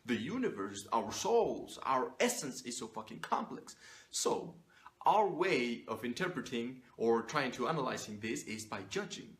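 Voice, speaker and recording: A man's voice: medium pitch, sing-song, measured pace, a bit bright. Blunt, profane man lecturing to camera. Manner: blunt and profane, emphatic preaching. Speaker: image coach. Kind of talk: motivational monologue to camera.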